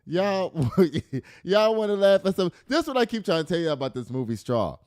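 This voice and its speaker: A man's voice: sits high, moderate pace, smooth, dry recording, clean studio sound. A man hosting a casual news commentary podcast, reading headlines aloud and riffing on them with laughs and swearing. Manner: animated, laughing, swearing, reads news aloud then riffs. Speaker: podcast host.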